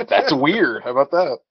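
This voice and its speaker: A man's voice: fairly high pitch, husky, no room sound, highs cut off. A man in his thirties co-hosting a casual podcast, with dry, teasing remarks. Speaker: podcast co-host.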